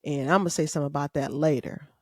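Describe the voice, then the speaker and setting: A woman's voice: low-pitched, steady tone, racing, a little mellow, no echo. Emphatic woman podcast host, dry sound. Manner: folksy, emphatic, storytelling. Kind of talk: casual solo commentary.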